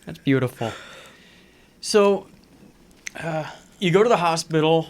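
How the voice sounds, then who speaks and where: A man hosting an interview show, asking questions gently and encouragingly. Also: a little high, expressive, unhurried, slight background noise. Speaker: host.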